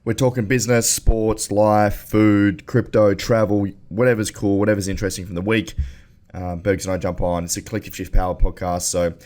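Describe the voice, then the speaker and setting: A deep-voiced man hosts a podcast in an unhurried, laid-back way. He chats casually, sprinkling in swearing as he recounts his week. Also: little pitch movement, a little mellow. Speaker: podcast host. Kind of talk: casual chat.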